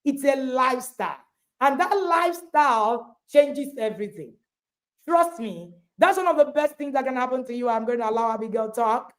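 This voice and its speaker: A high-voiced woman hosts a parenting livestream. She is exuberant and chatty, her pitch leaping around as she laughs and hypes her guest. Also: normal speed. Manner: exuberant, animated, laughs often. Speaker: host and parenting coach. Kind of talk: livestream interview.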